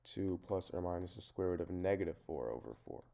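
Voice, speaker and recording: Man, low voice, mellow tone, step-by-step math lesson, methodical. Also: lively intonation, brisk, vocal fry. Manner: plain, methodical explaining, talking through each step. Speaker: math tutor.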